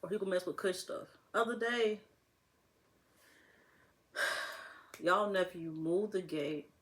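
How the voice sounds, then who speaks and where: A woman's voice: on the low side, slow, fairly bright tone. A young woman talking casually to camera as a vlogger, rambling and laughing often.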